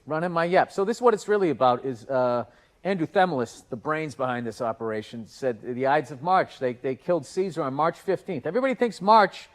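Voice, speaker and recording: High-voiced man telling a profane story. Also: animated, brisk. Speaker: podcast co-host. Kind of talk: casual chat.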